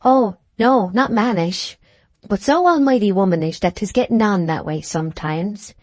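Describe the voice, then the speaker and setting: A woman's voice: medium pitch, lively intonation, normal speed, darkish tone, no echo, close to an everyday voice. A woman voicing a small, tearful young maid in an audiobook, speaking emphatically in old rustic phrasing. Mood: earnest. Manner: emphatic, dramatic rustic speech.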